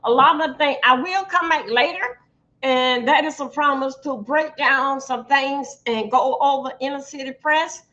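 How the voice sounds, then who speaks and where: Bright-voiced woman hosting a livestream. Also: high-pitched, unhurried, dull audio. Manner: chatty, addresses viewers as "y'all". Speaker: livestream host. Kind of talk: livestream commentary.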